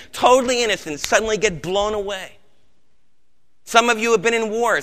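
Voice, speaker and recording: An American man preaches with fervor, his high, bright voice rising to loud outbursts and dropping to hushed tones. The sound carries a long reverb from a large hall. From United States. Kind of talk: sermon.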